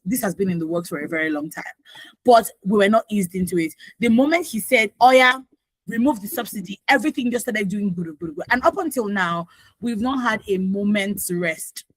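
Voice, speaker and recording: A woman with a Nigerian accent hosting morning radio talk, opinionated and animated, full of asides, on a studio microphone. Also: mid-range voice, dry recording, poor audio. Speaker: radio host.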